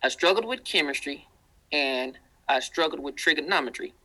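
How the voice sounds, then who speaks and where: A man with a thick Southern accent tells stories in a relaxed interview, his voice bright and forward. He is animated and slips into the voices of the people he quotes. He sounds like a man in his thirties. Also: a little high, normal speed, low-quality recording. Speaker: guest. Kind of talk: casual storytelling interview.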